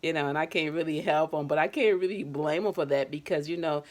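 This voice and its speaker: A woman's voice: low-pitched, a little fast, darkish tone. A middle-aged woman who works as an addiction counselor, talking candidly on her vlog and telling her own story with casual slang and open emotion. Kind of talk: personal vlog talk.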